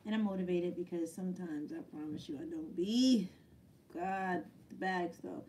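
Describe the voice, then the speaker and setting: A woman's voice: on the low side, normal speed, mellow, far from the mic, a little hiss or hum. A woman battle rapper answering viewer questions in a casual live chat, blunt and swearing freely, often laughing.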